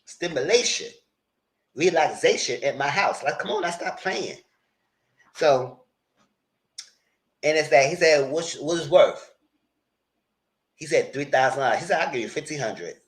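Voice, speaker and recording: A man's voice on the high side, unhurried and marked by long pauses, belongs to a TV show reviewer doing a casual live recap of an episode. Animated and chatty, he speaks directly to viewers and voices the characters' quoted lines as he goes.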